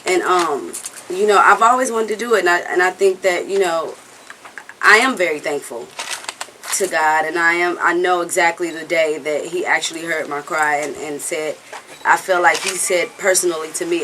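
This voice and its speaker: A woman's voice: lowish voice, fairly even intonation, moderate pace, noisy background. A woman in a candid, casual interview who talks earnestly and bluntly, rambling and often checking in with the listener. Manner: earnest, rambling, with frequent "you know what I'm saying"; blunt, occasional swearing. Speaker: singer being interviewed.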